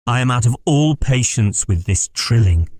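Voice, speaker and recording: A man's voice: mid-range voice, expressive, moderate pace, a little mellow, dry recording, clean studio sound, lightly acted. A man voicing a haughty, impatient noble lady who speaks imperiously in an audiobook. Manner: imperious, scornful.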